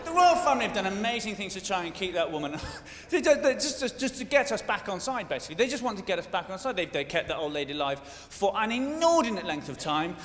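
A British man performing a stand-up comedy routine in a large theatre, quick and mock-indignant, breaking into shouted impressions. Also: high-pitched, big pitch swings. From Britain. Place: large theatre stage before a live audience. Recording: roomy, echoing hall with loud audience noise.

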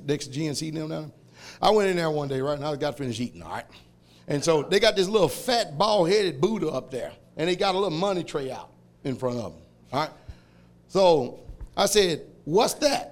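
A man preaching a fiery sermon, shouting and laughing as he tells stories. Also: fairly high pitch. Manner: loud, shouting, laughing, animated storytelling.

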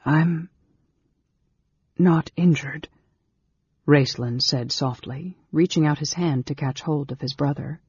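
A man reading a fantasy novel aloud as an audiobook narrator, in a measured, dramatic way. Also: on the high side, breathy edge, dry recording. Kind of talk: scripted narration. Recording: dull lo-fi recording.

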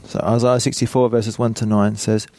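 A man's voice: medium pitch, flat delivery, moderate pace, mellow, no echo. A man preaching a Bible teaching, reading scripture aloud and explaining it plainly with small fillers.

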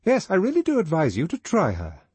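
A man's voice: sits high, wildly swooping pitch, a little fast, a little mellow, slightly rough, dry recording, voice pushed up, heavily acted. A man doing a smug boastful young man. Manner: smug, brash.

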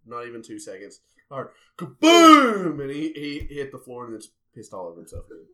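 Lively, profane young man telling stories. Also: mid-range voice, fast. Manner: profane, animated, quotes others in voices. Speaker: podcast guest, engaged groom. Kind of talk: casual storytelling chat.

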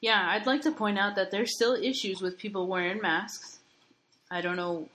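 A woman co-hosting a podcast, chatting casually and sarcastically, telling animated stories. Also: medium pitch, moderate pace, poor audio. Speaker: podcast co-host. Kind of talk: casual chat.

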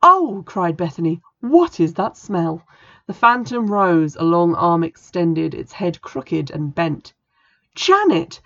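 A woman's voice: on the low side, slow pace, vocal fry, no room sound. A woman putting on a frantic teenage witch, chanting spells. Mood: alarmed. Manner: urgent, chanting, shrieking commands. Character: teenage girl witch casting spells against a ghost. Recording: dull lo-fi recording.

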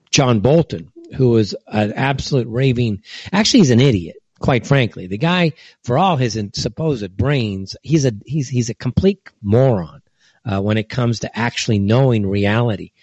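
A man's voice: a little mellow, dry recording. Heated man ranting, dull lo-fi sound. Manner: heated, scornful, pitch jumps high when indignant. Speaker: political commentary host. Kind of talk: online opinion show monologue. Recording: dull lo-fi dry recording.

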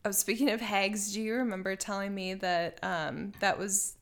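A young woman co-hosting a podcast in casual chat, animated and giggly, swearing freely. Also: mid-range voice, normal speed. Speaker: podcast co-host.

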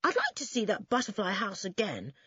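A woman's voice: medium pitch, huge pitch swings, brisk, bright, forceful tone, husky, dry recording, muffled recording, full character voice. A woman voicing a curious, outspoken boy in a storybook reading.

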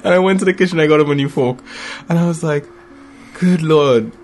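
A man in his thirties telling family stories in a casual chat, lively and acting out voices with laughter. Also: a little fast, soft background music. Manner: animated storyteller, acts out voices with big pitch jumps and laughter.

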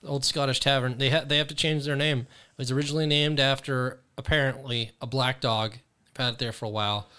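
A man's voice: mid-range voice, steady tone, a little fast, sharp tone, clear, resonant tone. An American man hosting a casual podcast chat, swearing freely and reading out news items. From United States.

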